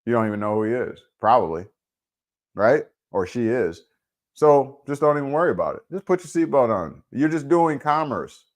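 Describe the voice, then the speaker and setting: With a medium-pitched voice that swings widely in pitch, a man speaks at a moderate pace while hosting a laid-back livestream. He's from Wisconsin and chats informally with viewers, answering comments and using lots of fillers.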